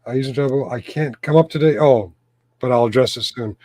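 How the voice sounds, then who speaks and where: A man's voice: medium pitch, a little fast, dark tone. A man hosting a casual live-stream chat, joking and chuckling, with a voice he says is going. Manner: joking, chuckling, throat-clearing. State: losing his voice. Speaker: host of a live chat show.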